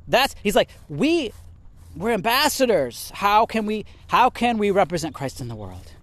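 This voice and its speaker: A man teaching from the Bible in an animated way, a little out of breath as he walks and talks. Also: high voice, moderate pace, no echo. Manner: animated, reads and explains scripture; talks while walking vigorously.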